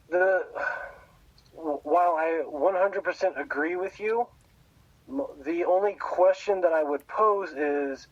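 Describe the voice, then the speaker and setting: A man co-hosting a sports podcast, speaking in a measured, hedging way that tends to agree with his partner. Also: on the high side, dry recording, dull audio. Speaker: podcast co-host.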